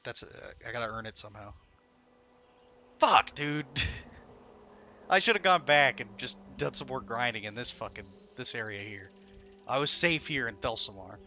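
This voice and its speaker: Streamer, young man, bright forceful voice, swearing gamer commentary, faint ambience behind. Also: medium pitch, animated, normal speed, long pauses, slight background noise. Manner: swearing, swinging between frustration and laughter. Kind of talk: live gameplay commentary.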